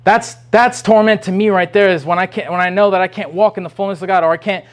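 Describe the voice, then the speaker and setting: A man's voice: sits high, steady tone, fast talker. A man preaching an informal sermon, rambling and restarting often, then pressing with urgent questions.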